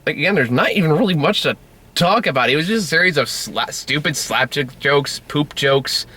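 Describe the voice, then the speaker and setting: A young man with a bright, sharp voice that sits a little high and moves a lot. He trades sardonic, swear-laced jabs in a casual movie review from a car, chuckling as he goes. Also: lively intonation, moderate pace. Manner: sardonic, swears, laughs between remarks. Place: inside a car.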